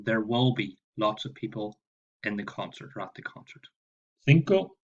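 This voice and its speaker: A man's voice: medium pitch, a bit bright, dull audio. A man teaching Spanish, walking his class through homework and patiently spelling out verb endings letter by letter. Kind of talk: online homework walkthrough.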